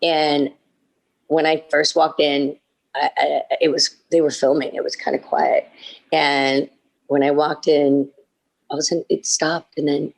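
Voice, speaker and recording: A woman, an actress guest on a video-call panel, telling an animated story and acting out the dialogue with big jumps in pitch and many restarts. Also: a little slow, vocal fry.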